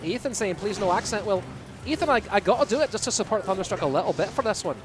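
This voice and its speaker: A man doing a put-on Scottish accent while casting an esports match live, excitable and teasing. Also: high voice, quick pace. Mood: playful. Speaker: esports caster.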